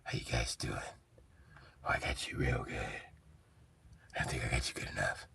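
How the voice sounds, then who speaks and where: A man voicing a menacing, smug male crime-fighter in a low, husky whisper, speaking slowly and creepily. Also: fairly even intonation, distant mic.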